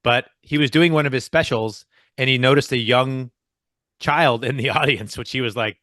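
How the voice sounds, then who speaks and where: A man's voice: medium pitch, normal speed, a bit bright, no room sound, studio quality. A man co-hosting a podcast in casual chat, with a playful, bantering manner. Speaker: podcast co-host.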